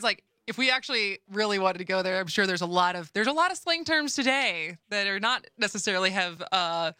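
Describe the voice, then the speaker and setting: A chatty woman with a Wisconsin accent co-hosts a radio talk show, loose and playful, laughing easily. Her voice is bright and forward. The studio sound is dry and close. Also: mid-range voice, expressive, fairly quick, few pauses, smooth, dry recording. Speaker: radio co-host. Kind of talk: casual radio chat.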